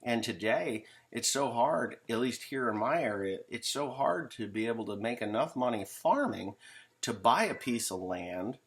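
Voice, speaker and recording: A man's voice: medium pitch, lively intonation, normal speed. Rambling, joking male farmer. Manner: joking, rambling, self-interrupting. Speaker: farmer vlogger. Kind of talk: casual rambling monologue.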